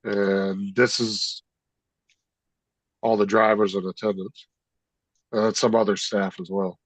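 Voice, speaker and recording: A man's voice: fairly low pitch, flat delivery, takes it slowly, dry recording, low-quality recording. A blunt man chatting casually on a live stream, swearing now and then. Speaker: school bus district worker.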